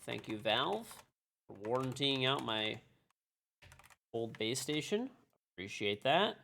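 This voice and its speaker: A young male game streamer chats casually with his viewers and teammates, cracking jokes and swearing freely. His voice sits at a middling pitch, relaxed and unhurried. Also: gravelly, a little hiss or hum. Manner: joking, profane, laid-back. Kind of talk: casual chat.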